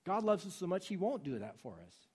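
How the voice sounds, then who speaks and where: A man preaching a sermon in a husky voice, swinging from soft pleading to loud urging. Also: high-pitched, sing-song, brisk.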